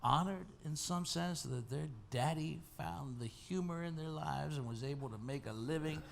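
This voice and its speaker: A man hosting a live podcast interview on a comedy stage, asking questions and then shouting introductions to the crowd. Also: a little high, moderate pace, vocal fry, slight background noise. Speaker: podcast host.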